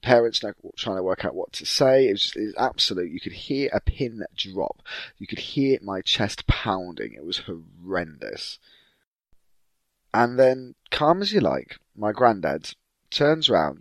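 Animated man telling a story. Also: moderate pace, no room sound. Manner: lively, camp, acts out high-pitched voices of relatives. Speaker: podcast guest storyteller. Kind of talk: animated anecdote.

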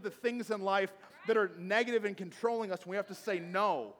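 A man's voice: high voice, a little fast, few pauses, fairly bright tone. A pastor preaching a sermon from the pulpit to his church, emphatic and repetitive, calling out to the congregation. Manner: emphatic, repetitive preaching with audience call-outs. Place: church sanctuary, speaking from the pulpit. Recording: long reverb of a church hall.

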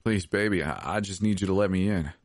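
A man voicing a protective young man in a horror story, gentle and pleading, close to his own low voice. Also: fairly quick, no echo.

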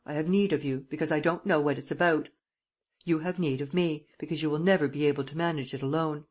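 Lupin, a reader's husky menacing thief. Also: medium pitch, steady tone, fast talker, close to an everyday voice. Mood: insistent. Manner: persuasive, harsh and insistent. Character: cunning gentleman thief pressing a prisoner.

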